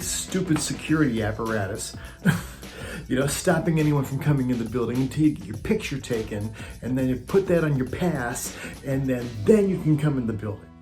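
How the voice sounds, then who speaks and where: Male storyteller, mid-pitch, laughs a lot, curses, faint music under him. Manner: laughs often, profane, animated retelling. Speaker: former monitor technician telling road stories. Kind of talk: casual storytelling.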